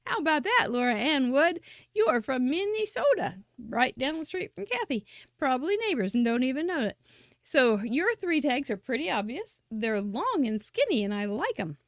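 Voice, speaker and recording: Woman, crafting show host, chatty and enthusiastic, higher voice, dry close mic. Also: big pitch swings, normal speed, no room sound. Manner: chatty, enthusiastic, praising viewers' cards. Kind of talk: live-stream card showcase commentary.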